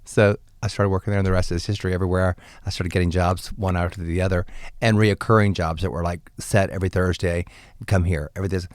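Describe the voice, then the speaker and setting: A man guest, a drag performer, telling stories in a casual interview with a lively, campy manner and bursts of laughter. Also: quick pace, no room sound, clean studio sound. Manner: animated, campy, laughs often, jumps up in pitch.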